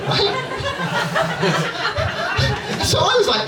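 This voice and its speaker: A man's voice: high-pitched, very animated, moderate pace, recorded from a distance. A British man from Dorset doing stand-up crowd work, chatty and self-mocking, often checking in with the crowd. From Dorset, England. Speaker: stand-up comedian. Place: comedy club stage. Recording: echoey club audio from afar, noisy. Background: audience laughter and room noise.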